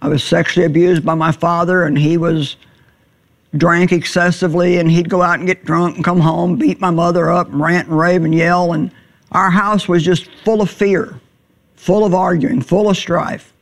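A middle-aged woman teaching the Bible in a sermon, earnest and plainspoken, slowing down on words she wants to stress. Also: fairly low pitch, fairly even intonation. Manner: earnest, plainspoken, slows for emphasis.

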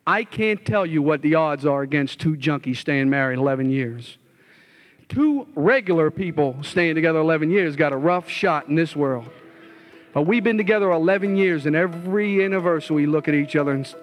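A middle-aged man, a former addict, telling his life story as a passionate testimony sermon. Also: on the high side. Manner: impassioned storytelling, rising loud when reliving scenes.

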